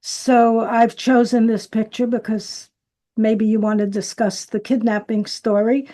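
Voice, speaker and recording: A woman's voice: a little high, little pitch movement, measured pace, warm tone. A woman hosting an interview, effusive and chatty, with many fillers. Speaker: interview host. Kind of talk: casual video interview.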